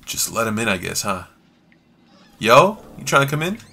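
A man doing let's play commentary on a horror game, swearing constantly in slang and yelling when he panics. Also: mid-range voice, big pitch swings, normal speed, vocal fry, slight background noise. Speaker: gamer playing a horror game.

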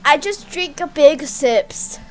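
A playful woman chats casually while playing a video game, often repeating herself. Her voice sits high and her pace is unhurried. Faint music plays underneath. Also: lively intonation, a little mellow. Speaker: gaming channel co-host. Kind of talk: casual gameplay chat.

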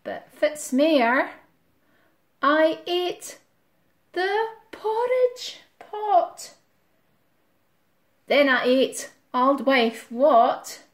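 A woman's voice: high-pitched, lively intonation, drawn-out words, long pauses, roomy sound, exaggerated voice. A woman with a Scottish accent voicing a greedy, hungry fat male cat in a sing-song rhyming chant. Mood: boastful.

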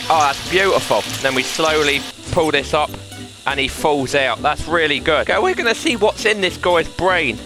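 Brash laddish gaming host. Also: male voice, on the high side, expressive, normal speed. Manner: brash, laddish banter with mock-gangster threats. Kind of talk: playful VR gameplay commentary. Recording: gameplay audio with loud music.

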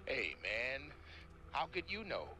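A quiet regretful cop. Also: male voice, medium pitch, huge pitch swings, takes it slowly, music in the background. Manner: quiet, confessional. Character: gentle, regretful male desk cop. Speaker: cop in a film.

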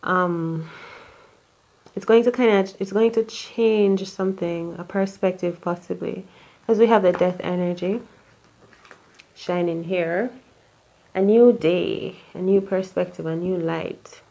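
A woman's voice: on the low side, takes it slowly, vocal fry, mellow, muffled recording. A woman giving a casual tarot reading in a rambling, chatty way, full of fillers and asides. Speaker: tarot reader.

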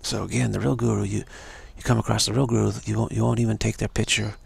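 A man's voice: on the low side, level tone, fast, gravelly, husky, dry recording. A man giving an unscripted spiritual talk as its teacher, repeating phrases over and over. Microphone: livestream mic.

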